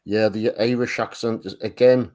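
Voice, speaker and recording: A man with a Northern English accent from Tyne and Wear talks in a relaxed group chat. His voice sits on the low side, and he often stops and repeats himself as he reaches for the next word. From Northern England. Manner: halting, repeats words while searching for them. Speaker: art stream co-host. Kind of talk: casual group chat on a livestream.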